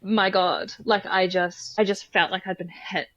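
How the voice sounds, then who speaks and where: A woman's voice: medium pitch, steady tone, moderate pace, a bit bright, dry recording, muffled recording. A woman in her thirties from New Zealand, a podcast guest telling personal stories in a chatty way, full of "like" and acted-out dialogue. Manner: chatty, heavy use of "like", acts out remembered dialogue. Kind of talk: casual conversational storytelling.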